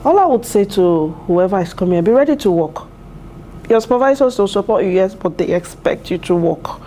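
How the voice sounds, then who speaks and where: A woman's voice: mid-range voice, lively intonation, a little fast, dark tone, a little hiss or hum. A woman in her thirties, a PhD student and mother, speaking in an interview at her university, earnest and heartfelt, with many fillers and restarts. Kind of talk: interview testimonial. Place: university building.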